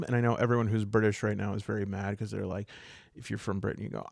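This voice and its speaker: A man's voice: lowish voice, little pitch movement, quick pace, gravelly, darkish tone, no echo, clean studio sound. A man playing a tabletop game solo, chatting casually and rambling with humorous asides.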